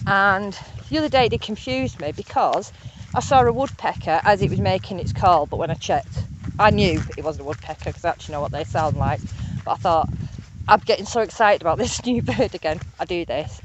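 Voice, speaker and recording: Chatty, excitable woman. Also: fairly low pitch, brisk, highs cut off, background noise. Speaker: nature vlogger. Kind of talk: casual walking vlog. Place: outdoors on a rural hillside.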